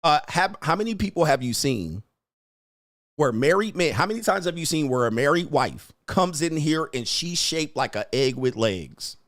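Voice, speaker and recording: A man's voice: a little high, sing-song, moderate pace, a bit bright. A male livestream host giving brash, profane, combative commentary and laughing often. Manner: frequent laughter.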